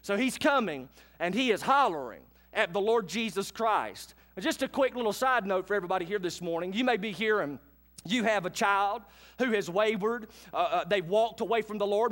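High-voiced pastor preaching earnestly. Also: male voice, lively intonation, moderate pace, a bit bright. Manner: earnest preaching with vivid storytelling and direct questions to the congregation. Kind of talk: sermon.

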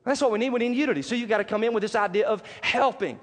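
A man's voice: sits high, very fast, long reverb tail. A male pastor preaching a sermon in a conversational style, calling out to the congregation for responses.

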